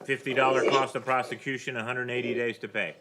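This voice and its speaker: A man presiding as judge over bond hearings in a courtroom, briskly and formally reading out charges and bond amounts. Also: mid-range voice, little pitch movement, over a noisy crowd. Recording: noisy courtroom recording.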